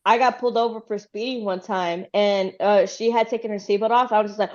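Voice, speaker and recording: A woman hosting a podcast, chatting casually and telling animated stories with frequent laughter. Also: on the high side, fast, highs cut off. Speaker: podcast host. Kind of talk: casual chat.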